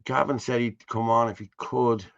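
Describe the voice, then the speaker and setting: A man's voice: medium pitch, steady tone, moderate pace, creaky, no room sound. An Irish man hosting a casual live stream, blunt and scornful, swearing freely. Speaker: host. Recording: dull lo-fi stream audio.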